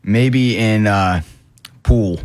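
A man's voice: on the low side, extremely slow, darkish tone. A man co-hosting a sports radio show in casual chat, self-deprecating and stumbling over his words.

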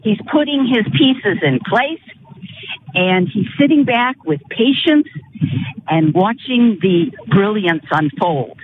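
A caller on a talk radio show speaking in an earnest, emphatic way over a phone line. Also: male voice, sits high, expressive, slow pace. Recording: tinny phone line, faint hiss.

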